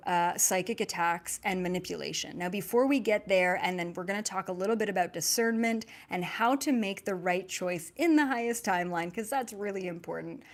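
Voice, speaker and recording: A young woman hosting her own channel, chatting to viewers in a casual, animated monologue with fillers and asides. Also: mid-range voice. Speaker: spiritual channeler and channel host.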